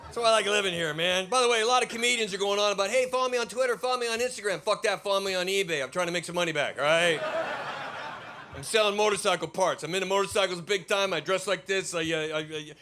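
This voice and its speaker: A man's voice: sits high, fast talker, sharp tone, slight background noise. An American man from Idaho in his fifties doing a stand-up comedy set on a club stage into a handheld mic, with a brash, profane, ranting delivery. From Idaho, USA. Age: 50s.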